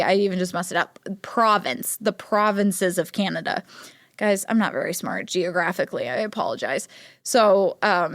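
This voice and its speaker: A woman's voice: medium pitch, no echo, clean studio sound. A young woman from Ohio hosting a podcast, talking casually, chatty and self-deprecating with many fillers. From Ohio, United States. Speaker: podcast host. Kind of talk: casual solo chat.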